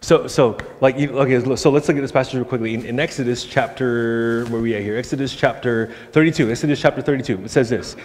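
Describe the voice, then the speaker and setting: A young man preaching a casual, animated sermon and slipping into the voices he quotes. His pitch sits in the middle. The church hall behind him rings with a long reverb. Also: fast talker, hardly any pauses. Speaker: pastor. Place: church sanctuary.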